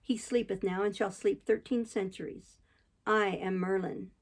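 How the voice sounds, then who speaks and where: Old wizard, male, spiteful and gloating, gravelly low timbre, read by a woman. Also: fairly even intonation, unhurried. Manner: malicious satisfaction.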